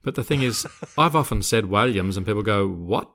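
A man's voice: fairly low pitch, a little fast, a bit bright. An older man co-hosting a podcast, rambling through teasing asides. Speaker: podcast co-host. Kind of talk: casual chat.

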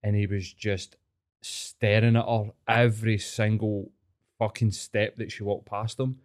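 A man's voice: on the low side, a little slow. A Glaswegian man hosting a podcast, telling stories in casual chat and swearing heavily as he goes. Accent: Glaswegian Scottish. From Scotland. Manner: heavy swearing, animated storytelling. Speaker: podcast host.

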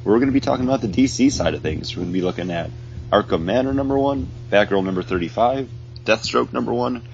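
A man with a stuffed-up nose, hosting a podcast in a relaxed, chatty way. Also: on the low side, fast talker, gravelly. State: stuffed up, congested. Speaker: podcast host. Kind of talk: casual chat. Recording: dull lo-fi sound, faint hum.

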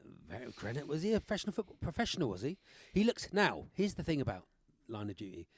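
A man co-hosting a podcast in casual chat, jokey and quick to laugh. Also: a little high, sing-song, breathy edge, dry recording. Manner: jokey, laughs often, breaks into song. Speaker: podcast co-host, comedian.

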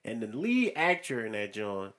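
A man hosting a casual chat, relaxed, asking probing questions. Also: fairly low pitch, moderate pace.

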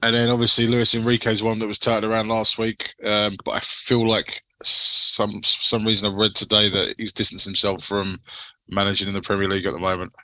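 A man's voice: lowish voice, flat delivery, brisk, bright, forceful tone, no room sound. A man hosting a casual football podcast, rambling and swearing freely as he turns questions to his co-hosts. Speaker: podcast host.

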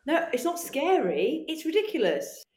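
A woman guest on a podcast, telling animated stories in casual chat, swearing freely and acting out her own voice. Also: sits high, moderate pace. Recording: echoey room.

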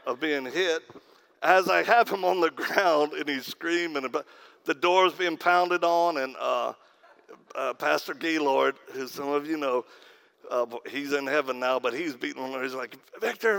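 Preacher, male, fairly high gravelly voice, deadpan comic storytelling. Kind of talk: humorous sermon storytelling.

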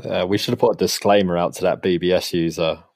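A man's voice: low-pitched, fairly even intonation, fast talker, a little mellow, dry recording, clean studio sound. A man hosting a podcast in casual chat, teasing his co-host and laughing often.

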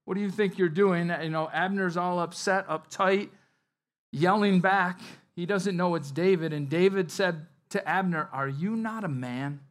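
A man's voice: high-pitched, unhurried. A male pastor preaching a sermon in a conversational way, acting out the scenes with energy. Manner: conversational, animated when acting out Bible scenes.

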